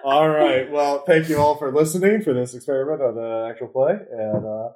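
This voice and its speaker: A man's voice: mid-range voice, moderate pace, a little mellow. A man running a tabletop game, talking casually after the session with lots of fillers. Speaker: game master. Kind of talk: casual post-game chat.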